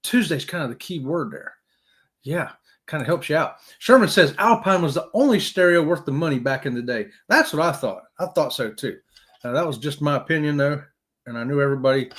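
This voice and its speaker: Man, live-stream host, casual chat, chatty and jokey, greets viewers, fairly high voice. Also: a bit bright.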